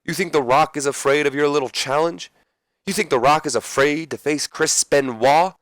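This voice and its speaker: Brief: man doing a cocky pro-wrestler heel-baiting voice, pitched up, swaggering, dry close sound. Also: normal speed, no echo, close to an everyday voice. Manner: brash, taunting, third-person boasting. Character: cocky male wrestling superstar, loud, boastful.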